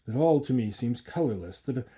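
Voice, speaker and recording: A man reading a classic horror tale aloud with an expressive, theatrical delivery. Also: mid-range voice, a little fast.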